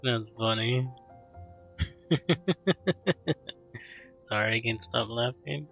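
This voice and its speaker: A man casually chatting through a game playthrough, relaxed and laughing along. He talks slowly at a middle pitch. His dull, lo-fi mic sits over the game's music. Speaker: gaming channel host. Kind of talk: casual let's play commentary.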